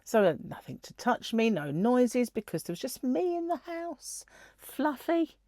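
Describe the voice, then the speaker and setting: A woman's voice: high-pitched, big pitch swings, measured pace, warm tone, dry recording. A middle-aged woman chatting casually as a crochet vlogger, rambling and giggling as she tells stories. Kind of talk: casual chat.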